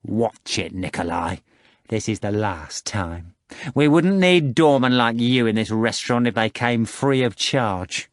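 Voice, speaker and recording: Guy putting on a hard bossy pirate-type manager, sharp and loud, dry sound. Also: on the low side, expressive, unhurried, no room sound. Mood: cold. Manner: stern, barking orders. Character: commanding restaurant manager posing as a stern pirate-like boss.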